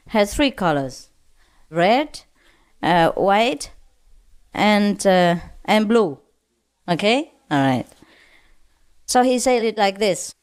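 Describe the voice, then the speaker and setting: A woman teacher giving a spiritual lecture, telling jokes to an audience, laughing at her own punchlines and pausing often with "uh". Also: mid-range voice, clear, resonant tone. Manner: halting, with many "uh" pauses.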